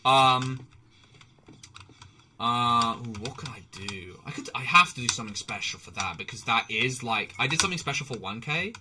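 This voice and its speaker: A man's voice: medium pitch, lively intonation, normal speed, background noise. A man streaming live while playing a game, chatting in a rambling way with restarts, swearing and laughter. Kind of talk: casual live-stream chat while gaming.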